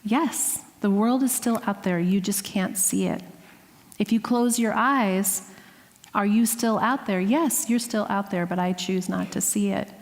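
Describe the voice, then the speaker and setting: A woman giving a heartfelt, earnest sermon as guest speaker, sometimes dropping to a hushed voice. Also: medium pitch, a little slow. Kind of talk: sermon with personal story. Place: spiritual center sanctuary. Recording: long hall reverb.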